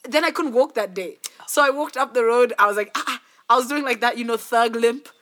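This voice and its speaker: A woman co-hosting a podcast in casual chat, telling stories in an animated, joking way. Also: fairly high pitch, fairly quick. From not South African. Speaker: podcast co-host.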